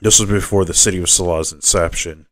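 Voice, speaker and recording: A man reads his own novel aloud in a very low, deep voice. The delivery is plain, with the occasional stumble and restart. The recording is close and dry, with no room sound. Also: steady tone, brisk, fairly bright tone, no echo. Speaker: author reading his novel. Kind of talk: audiobook narration.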